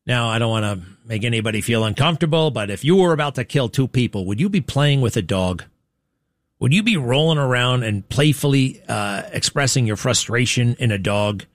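A man hosts a commentary show in a blunt, chatty way, asking the audience pointed rhetorical questions. His voice sits at an ordinary pitch, and the room around him is dry with no echo. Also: animated, brisk. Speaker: show host. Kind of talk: commentary on played clips.

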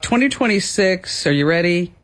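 A man's voice: high-pitched, expressive, normal speed, fairly bright tone. Playful man hosting a radio show. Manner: playful, laughs often, quizzes his co-host. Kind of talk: casual radio chat with an ad read.

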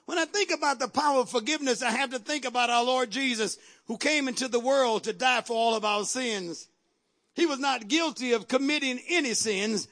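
A man's voice: extremely high pitch, fairly quick, fairly bright tone. A man preaching a sermon, retelling a scripture story emphatically, repeating phrases and calling out to the congregation. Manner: emphatic, repetitive, calls out to the congregation.

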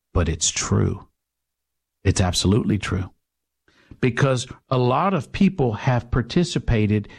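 A man hosting a talk radio show, delivering an indignant, mocking monologue. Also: mid-range voice.

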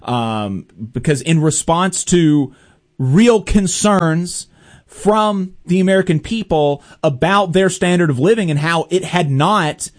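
A man's voice: on the high side, animated, takes it slowly. A man hosting a political commentary show, talking casually and sarcastically with many restarts. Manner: exasperated, sarcastic, hesitant restarts.

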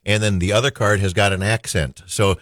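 A man hosting a radio show, explaining a game in relaxed banter from the studio. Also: lowish voice, fairly quick, dry recording. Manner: relaxed, explains rules patiently. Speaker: radio host.

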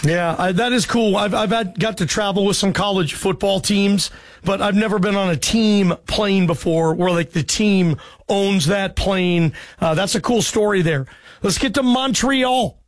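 High-pitched radio host guy, chatty, dry studio sound. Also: a little slow, no room sound. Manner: friendly, conversational. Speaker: radio sports talk host. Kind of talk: sports talk radio.

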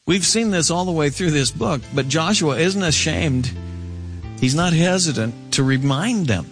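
A male pastor preaching an expository sermon. He stresses points by drawing words out, climbs high when quoting scripture, and drops low and slow for weight. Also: animated, faint music behind. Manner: emphatic, with drawn-out words for stress.

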